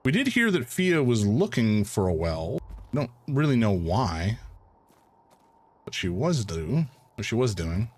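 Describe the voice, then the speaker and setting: A man's voice: lowish voice, sing-song, measured pace. A man from Canada commentating a live game playthrough in a rambling, chatty way, laughing often and using many fillers. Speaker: gaming streamer.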